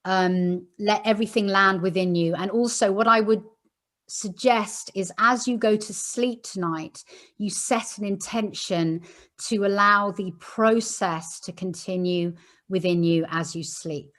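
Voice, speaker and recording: A woman leading a live online meditation ceremony, explaining the steps slowly and soothingly and checking in with "okay?" over a video call. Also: medium pitch, fairly bright tone.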